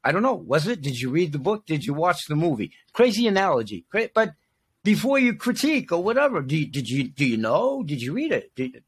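A man's voice: on the high side, big pitch swings, fairly quick, slightly rough. An older man hosting a podcast interview, rambling in loose chat with tangents and frequent restarts. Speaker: podcast host.

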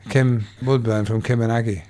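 A man's voice: mid-range voice, steady tone, normal speed, mellow. An older man, a comedian guest chatting in an interview and spinning anecdotes and gags. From England. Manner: gag-telling storyteller, slips into quoted voices. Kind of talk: anecdotal chat.

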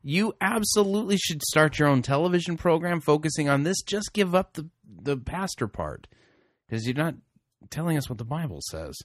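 A man's voice: on the high side, very animated, normal speed, no echo. A man commenting with mocking exasperation, voice close and dry. His delivery swings between sarcasm and weary sighs. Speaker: radio host critiquing a sermon.

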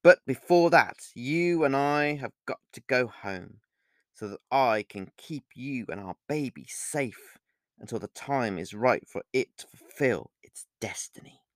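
A man playing a possessive young male werewolf in an audiobook reading, speaking in a calm, low and menacing way. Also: a little slow, dry recording, studio quality.

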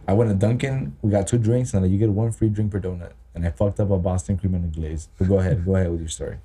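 A man's voice: low voice, steady tone, fast, mellow, breathy edge. A man co-hosting a casual podcast chat, joking crudely and swearing often. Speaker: podcast co-host.

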